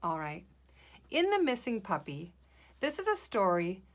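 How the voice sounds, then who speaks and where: A woman's voice: mid-range voice, huge pitch swings, measured pace. A woman teacher leading a guided reading lesson for young children, patient and encouraging, sounding out letters and words.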